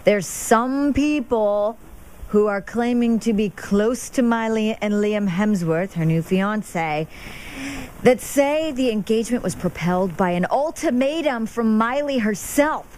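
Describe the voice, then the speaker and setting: A woman's voice: fairly high pitch, lively intonation, a little slow, darkish tone, a little hiss or hum. A young woman hosting an entertainment gossip segment, chatty and laughing easily. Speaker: entertainment news segment host. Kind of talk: casual gossip chat.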